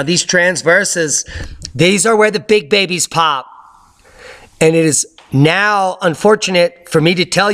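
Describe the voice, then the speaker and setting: Guy doing a casual news update, kinda high voice, sarcastic and excitable, yells out now and then. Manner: excitable, sarcastic, sudden loud outbursts. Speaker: host of a news update channel. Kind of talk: casual commentary over video clips.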